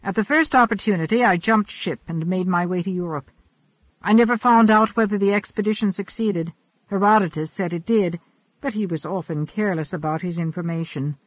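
Man reading a measured ageless immortal. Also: sits high, dry recording. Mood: earnest. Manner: measured, earnest, formal. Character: calm ageless immortal male adventurer. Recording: dry, dull lo-fi.

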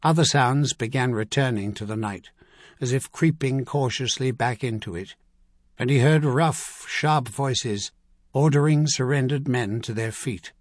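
A man reading an adventure novel aloud as narrator, measured and vivid. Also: mid-range voice, no room sound, clean studio sound. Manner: measured, vivid storytelling with acted dialogue. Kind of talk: scripted audiobook narration.

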